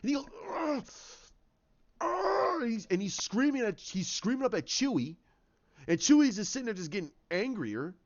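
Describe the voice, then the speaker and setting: A man giving casual commentary on films, rambling and animated, acting out scenes in voices. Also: sits high, a little fast, dull audio. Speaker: YouTube commentator.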